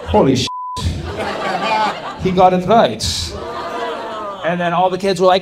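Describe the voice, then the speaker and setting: A man's voice: sits high, measured pace, long pauses, crowd noise. Rambling male stand-up comic on a club stage. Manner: loose rambling storytelling, lots of fillers. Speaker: stand-up comedian. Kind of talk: stand-up set. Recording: live club recording with steady background noise. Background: audience ambience.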